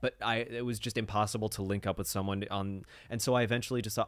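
A man's voice: fairly low pitch, steady tone, quick pace, no room sound, clean studio sound. A young man co-hosting a podcast, telling a rambling, playful story in casual chat. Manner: rambling, playful, prone to asides. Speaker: podcast co-host. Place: recording studio or room.

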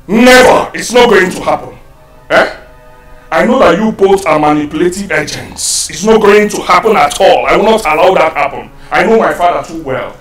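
A man's voice: high voice, lively intonation, normal speed, heavy reverb, recorded from a distance, soft background music, poor audio. A man with a Nigerian accent, playing a hostile brother who rants and threatens in a film drama. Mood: furious. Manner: ranting, shouting accusations. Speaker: angry elder brother.

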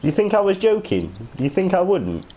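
A young man with a British accent, joking loudly and swearing while playing a game with friends. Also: high voice, normal speed, muffled recording, a little hiss or hum. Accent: British English. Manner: loud, excitable, swears a lot. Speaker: gamer. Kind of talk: casual gaming banter.

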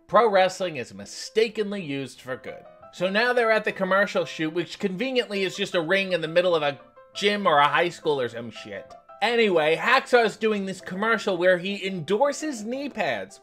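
A man's voice: high-pitched, big pitch swings, moderate pace, fairly bright tone, soft background music. A man hosting a comedic recap of a TV episode, with sarcastic, profane asides. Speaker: host.

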